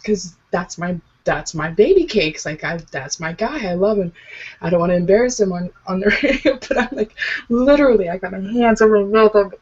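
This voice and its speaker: A woman's voice: mid-range voice, animated, normal speed, a little mellow, husky. A woman co-hosting a podcast, telling stories in casual banter, swearing often and laughing. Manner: profane, laughing storyteller. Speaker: podcast co-host. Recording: dull lo-fi audio.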